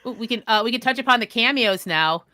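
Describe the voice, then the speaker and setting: A woman's voice: on the high side, animated, fast, pushed and bright, dry recording. A woman co-hosting a podcast in casual chat, steering the talk and laughing often. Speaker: podcast co-host. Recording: dry close mic.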